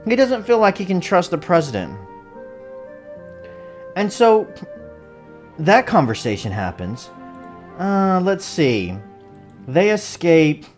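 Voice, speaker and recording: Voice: medium pitch, very animated, slow pace, long pauses, soft background music. A movie reviewer giving a casual, rambling recap full of jokes and frequent laughter. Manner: rambling and joking, laughs often. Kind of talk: casual spoiler-filled recap.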